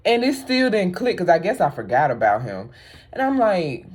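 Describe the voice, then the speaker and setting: Female vlogger, low voice, casual rambling chat with fillers and laughs. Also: very animated, normal speed, darkish tone, slightly rough. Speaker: vlogger reacting to an anime.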